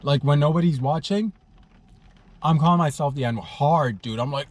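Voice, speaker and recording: A man's voice: fairly high pitch, brisk, a little mellow. A young man hosting a comedy podcast alone, with crude humor and a rambling style that keeps losing its train of thought. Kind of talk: rambling solo comedy monologue.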